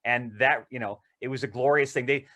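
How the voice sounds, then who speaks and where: A male actor, interviewed as a guest, telling rambling, excited anecdotes in casual conversation. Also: medium pitch, brisk.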